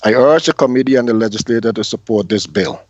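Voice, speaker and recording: A man giving measured, formal prepared testimony before a legislative committee. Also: mid-range voice, a little mellow, no room sound. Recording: dull, dry lo-fi audio.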